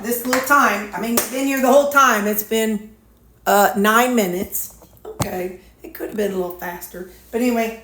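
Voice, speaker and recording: A woman chatting casually in a folksy, rambling way, with a stuffy, runny nose. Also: mid-range voice. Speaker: weight-loss vlogger. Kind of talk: casual chat. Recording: echoey room, faint noise.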